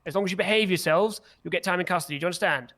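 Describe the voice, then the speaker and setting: A man's voice: high-pitched, rapid-fire, fairly bright tone. A man with a posh southern English accent playing a polite, formal police officer in a roleplay game. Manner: polite, formal, calls people chaps.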